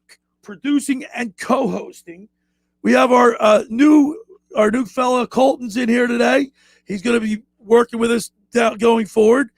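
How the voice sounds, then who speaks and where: A male sports radio host in a studio, his voice high and gravelly with a husky edge. He talks in an excitable, animated way. The sound is close and dry. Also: no room sound. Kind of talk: casual sports radio chat.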